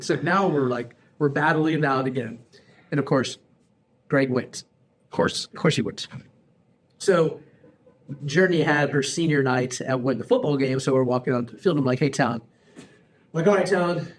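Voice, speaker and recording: A man in his forties hosting a casual podcast chat, telling stories in an animated, slangy way and calling people bro and dude. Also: on the high side, normal speed, long pauses. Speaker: podcast host.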